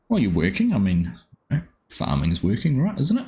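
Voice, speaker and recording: Male streamer host, deep voice, easygoing chatter, greets viewers by name. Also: wildly swooping pitch, normal speed, mellow, a little hiss or hum. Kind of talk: casual live-stream commentary.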